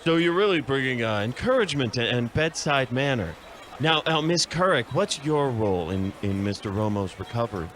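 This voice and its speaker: A man's voice: medium pitch, animated, moderate pace, a bit bright, a little hiss or hum. A man playing a field reporter on an improv comedy radio show, asking questions in a mock-earnest tone.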